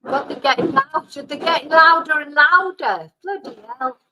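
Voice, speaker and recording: Live-stream host, woman, bright and ringing tone, chatty, reassuring her pet between remarks. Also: high-pitched, moderate pace, low-quality recording. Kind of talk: casual chat to viewers. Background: faint fireworks.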